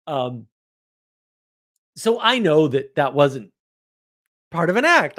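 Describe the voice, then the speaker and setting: A man casually telling a story from his week, animated, laughing often and restarting his sentences. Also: on the high side, takes it slowly. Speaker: podcast host.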